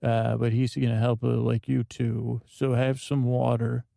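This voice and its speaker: A man's voice: mid-range voice, level tone, measured pace, vocal fry, mellow, no room sound. A man playing a grouchy, blunt know-it-all with a rambling, dry way of talking in an improvised comedy scene.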